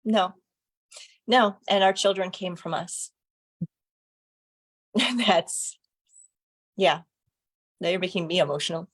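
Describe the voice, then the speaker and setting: Female photographer guest, lower voice, enthusiastic, laughs a lot. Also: takes it slowly, pauses often, husky. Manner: enthusiastic, laughs often, acts out quoted voices. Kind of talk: casual conversation.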